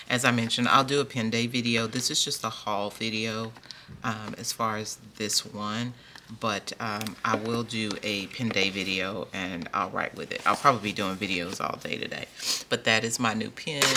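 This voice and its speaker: A man talks through a stationery haul in an easygoing vlog style, often repeating his phrases and speaking directly to the people watching. His voice is gravelly with a sharp, bright edge. A faint noise sits underneath it. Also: medium pitch. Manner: chatty, repeats phrases, talks straight to viewers. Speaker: stationery vlogger. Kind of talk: casual unboxing haul video.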